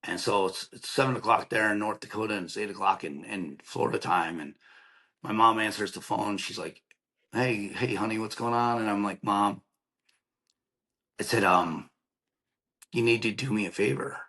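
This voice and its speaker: A man in his thirties, a podcast guest, telling a painful personal story in a halting, emotional way with many restarts. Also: on the low side, creaky, pushed and bright, low-quality recording.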